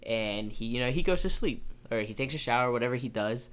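A man's voice: mid-range voice, a little fast. Young guy hosting a podcast, telling a wild story, swears a lot, acts out everyone's lines. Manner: animated storyteller, acts out quotes, swears freely. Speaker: podcast host. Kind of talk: casual storytelling.

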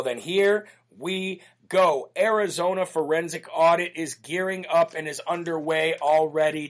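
A man's voice: fairly high pitch, a bit bright. An American man hosting a talk show, reading listener letters and talking in a brash, emphatic, preachy way. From United States. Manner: reads listener letters aloud. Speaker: host.

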